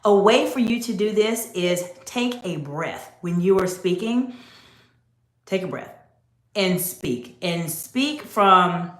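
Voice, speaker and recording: A woman's voice: mid-range voice, takes it slowly, darkish tone. A woman executive coach giving an instructive talk, speaking directly and emphatically to the viewer. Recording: roomy echo.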